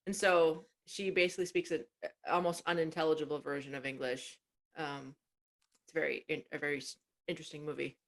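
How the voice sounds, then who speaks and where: A woman's voice: deep voice, steady tone, brisk, creaky. Chatty woman podcast co-host. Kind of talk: casual chat.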